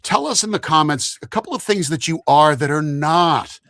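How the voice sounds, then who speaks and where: A man hosting a live-streamed interview in casual chat, animated and enthusiastic, swearing casually. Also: a little high, moderate pace, no echo, clean studio sound. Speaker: podcast host.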